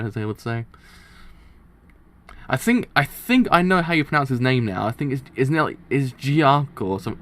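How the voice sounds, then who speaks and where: Brief: man in a casual reaction stream, gravelly, rambling, giggly. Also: mid-range voice, fairly bright tone. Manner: rambling, self-interrupting, laughs often. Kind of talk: casual live reaction chat.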